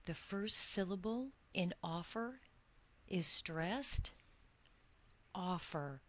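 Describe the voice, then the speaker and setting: A woman with a slightly low voice teaches English grammar at a very slow, deliberate pace, drawing out every example word so listeners can keep up.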